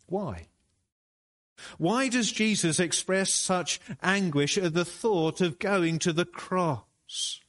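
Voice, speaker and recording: Slow, deliberate male preacher. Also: high voice, a bit bright. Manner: slow, deliberate preaching with rising emphatic peaks. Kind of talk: sermon.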